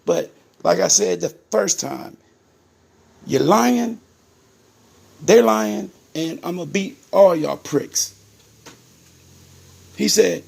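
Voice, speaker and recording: A man's voice: high-pitched, expressive, slow pace, vocal fry, pauses often, a little mellow, husky. A man telling his own story straight to his viewers, indignant and emphatic, calling out to them again and again and repeating words for stress.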